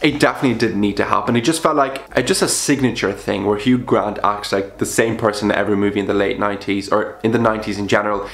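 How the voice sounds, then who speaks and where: A young man chatting casually about films he watched, bluntly and with sudden jumps up in pitch for emphasis. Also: steady tone, quick pace, few pauses, fairly bright tone. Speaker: film vlogger. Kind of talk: casual film review vlog. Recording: roomy echo.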